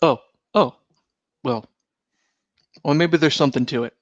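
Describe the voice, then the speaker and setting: A man co-hosting a casual podcast chat, slightly hoarse, talking in a wry, sarcastic way. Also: on the high side, a little slow, dry recording, dull audio. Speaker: podcast co-host.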